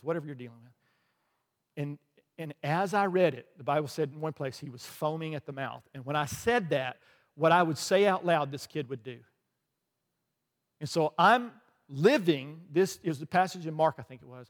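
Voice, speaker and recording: A man with a fairly high voice preaches into a handheld microphone, telling a vivid story and acting out the dialogue. His voice carries a long reverb from a large church hall. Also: normal speed. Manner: animated storytelling with quoted dialogue and asides. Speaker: pastor. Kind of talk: sermon.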